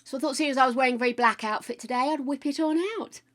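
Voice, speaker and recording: A woman's voice: sits high, racing, fairly bright tone. An older woman hosting a live stream, chatting casually with viewers in a gushing, easily overexcited way. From United Kingdom. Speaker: livestream host.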